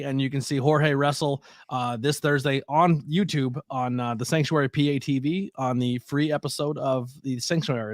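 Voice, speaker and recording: A man's voice: mid-range voice, no echo, clean studio sound. Chatty man telling a story. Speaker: wrestling commentator. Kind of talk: casual livestream chat.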